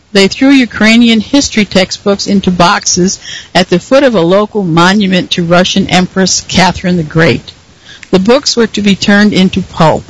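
A speaker with a husky, somewhat breathy voice sitting in the middle of the usual pitch range. They deliver a prepared commentary monologue deliberately, pausing often and stopping to correct themself. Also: rough recording.

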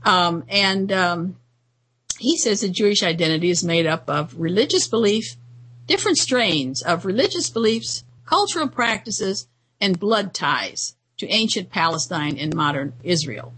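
A woman's voice: on the low side, expressive, a little slow, a bit bright, husky, low-quality recording. A woman hosting a commentary show, talking through news items in a rambling, indignant monologue with frequent fillers and restarts.

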